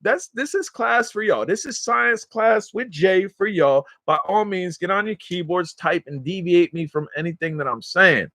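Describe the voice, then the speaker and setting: A smoking vlogger and livestream host from the New York or New Jersey area talks in a high, animated, pushed and bright voice at normal speed, barely pausing. Lounging in his recliner at home, he chats casually with viewers, rambling, slangy and easily sidetracked, with no echo in the sound.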